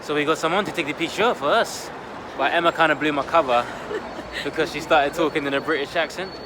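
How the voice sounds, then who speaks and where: A man's voice: on the high side, brisk. A man teasing his wife and telling a story as she films him on her phone. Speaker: vlogger's husband. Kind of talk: casual conversation. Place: outdoors on busy city streets. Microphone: wife's phone camera. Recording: phone recording with street noise. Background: street and traffic noise.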